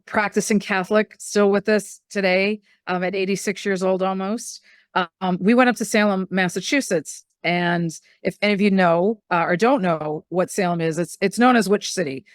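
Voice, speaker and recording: A middle-aged woman, a medium and spiritual teacher, telling stories in a casual, animated way and acting out the voices she quotes. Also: on the low side, no room sound, clean studio sound. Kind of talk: casual storytelling conversation.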